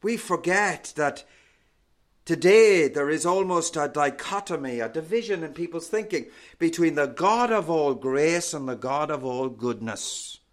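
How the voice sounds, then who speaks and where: A man delivers a sermon at an unhurried, deliberate pace. His voice sits a little higher than most men's and leans hard on each key word. Phrases often settle into a low, soft close. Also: expressive. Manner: slow, emphatic, drops to a low soft close on key words. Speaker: preacher.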